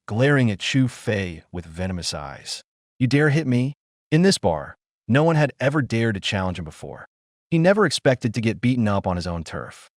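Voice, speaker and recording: Male narrator, scripted dramatic story, low voice, lively pitch, dry close sound. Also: no echo.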